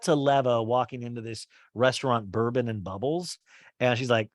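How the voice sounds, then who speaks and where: A man's voice: medium pitch, measured pace, dry recording, clean studio sound. A man hosting a podcast, recapping a reality show in a chatty, rambling way full of asides. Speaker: podcast host. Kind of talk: casual TV recap.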